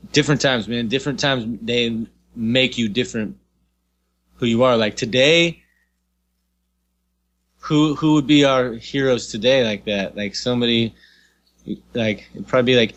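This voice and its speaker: A man's voice: medium pitch, a little slow, pauses often, fairly bright tone. A man co-hosting a podcast in casual chat, rambling and peppering his talk with "you know what I mean" and swearing. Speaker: podcast co-host.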